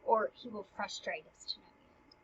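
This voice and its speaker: A woman's voice: medium pitch, moderate pace, a bit bright, husky, muffled recording. A woman teacher explaining a play in casual language, paraphrasing each line into plain modern talk.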